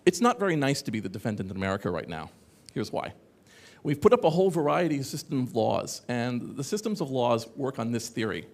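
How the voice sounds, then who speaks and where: Animated sarcastic man in an echoey hall. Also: mid-range voice, brisk. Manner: sarcastic, animated, rambling with asides. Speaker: conference speaker. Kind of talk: lively conference talk. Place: conference hall.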